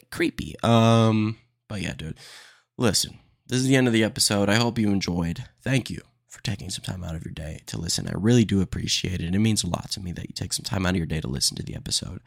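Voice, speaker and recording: A man hosting his own podcast, ranting in a casual, animated way and calling listeners "dude" and "man". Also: deep voice, fairly quick, gravelly, dry recording, clean studio sound. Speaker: podcast host. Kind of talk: solo casual podcast rant.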